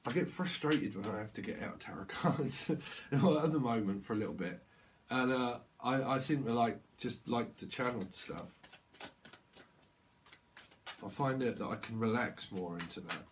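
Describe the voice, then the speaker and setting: A man talks through a channeled tarot reading in a loose, rambling way, breaking into laughs and acting out short quoted voices. His voice sits at a middling pitch. A faint hiss runs under the recording. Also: animated, normal speed. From United Kingdom. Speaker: tarot reader.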